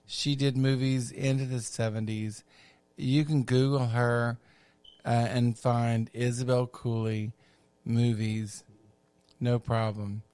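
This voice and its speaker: Slow, campy middle-aged male storyteller. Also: medium pitch, flat delivery, darkish tone, clean tone, dry recording. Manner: campy, chatty, unhurried asides. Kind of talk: casual storytelling.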